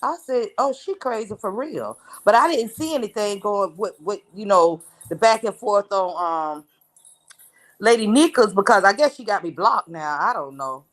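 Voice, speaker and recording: A woman's voice: medium pitch, expressive, moderate pace. A woman calling in to a live stream, hesitant with frequent ums, casual chat. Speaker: caller.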